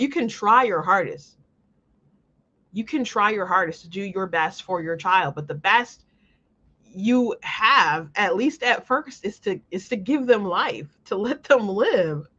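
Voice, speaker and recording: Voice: mid-range voice, animated, unhurried, pushed and bright, dull audio. A show host talking casually in an earnest, rambling way, with many restarts. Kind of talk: casual commentary monologue.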